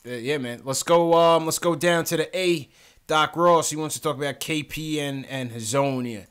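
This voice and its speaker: A man's voice: on the high side, moderate pace, a bit bright, clean tone. A man hosting a sports call-in podcast, talking in a loose, slangy way with frequent restarts and repeated phrases. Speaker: podcast host. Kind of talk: casual talk show chat.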